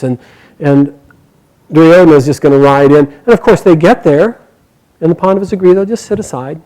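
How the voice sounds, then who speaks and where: A man telling an epic story live, animated and dramatic, sometimes correcting himself. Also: a little high, a little fast, low-quality recording.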